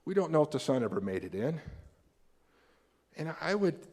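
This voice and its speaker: An American man preaching a sermon as a pastor, animated and acting out the people in the story with big jumps in voice. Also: moderate pace. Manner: animated, acts out quoted characters with big pitch jumps. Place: church sanctuary. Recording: long hall reverb.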